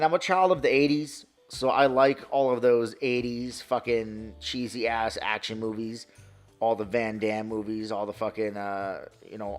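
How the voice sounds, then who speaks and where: On a live stream, this New York man in his thirties talks with a lowish voice. He responds to chat casually, rambling, excitable, and full of profanity.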